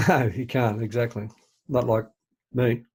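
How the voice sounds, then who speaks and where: A man's voice: mid-range voice, measured pace, a little mellow, slightly rough. An older man co-hosting a podcast, chatting casually in a rambling, hesitant way and laughing easily. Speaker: podcast co-host. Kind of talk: casual chat.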